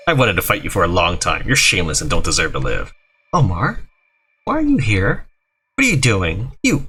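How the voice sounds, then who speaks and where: Fast, animated man reading game dialogue. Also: low voice, creaky. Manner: animated, jumps between character voices and asides. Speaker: gaming YouTuber.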